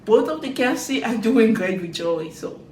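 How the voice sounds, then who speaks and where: A woman recapping a dating show in casual chat, talking loosely with quick asides and loose grammar. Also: fairly high pitch, lively intonation, roomy sound, poor audio. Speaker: reality TV recap vlogger.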